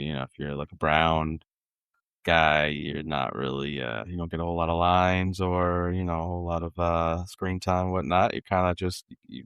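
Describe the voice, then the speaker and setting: Low male co-host, loose and profane, lots of slang and trailing fillers, close dry sound. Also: fairly bright tone, clear, resonant tone, no room sound. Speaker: podcast co-host. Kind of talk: casual film chat.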